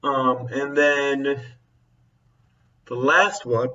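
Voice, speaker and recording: Bright-voiced man rambling casually. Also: mid-range voice, fairly even intonation, extremely slow, recorded from a distance, lo-fi sound. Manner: rambling, self-interrupting, chuckling. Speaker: teacher. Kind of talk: casual vlog chat.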